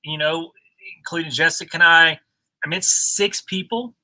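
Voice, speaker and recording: Bright-voiced man rambling casually. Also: fairly high pitch, moderate pace, low-quality recording. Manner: relaxed, rambling with many fillers. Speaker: co-host of a reselling livestream. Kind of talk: casual livestream chat.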